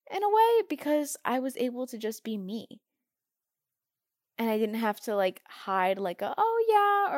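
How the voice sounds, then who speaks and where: Bubbly teenage girl podcaster, dry sound. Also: no echo. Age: teens. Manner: bubbly, upbeat, acts out quoted chats in a higher voice. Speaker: podcast host. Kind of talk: casual solo podcast talk.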